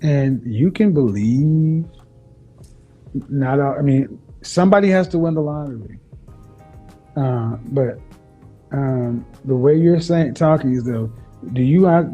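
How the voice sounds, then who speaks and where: A man with a very dark, mellow voice lectures a caller in a stern, curt way. The clip sounds dull and lo-fi, with faint music under it. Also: medium pitch, slow, pauses often, breathy edge. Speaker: dating advice host. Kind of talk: call-in advice show.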